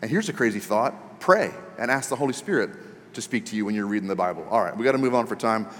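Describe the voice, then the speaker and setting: A man preaching a sermon as pastor, animated and joking, building to emphatic questions. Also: lowish voice, fast. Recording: long hall reverb.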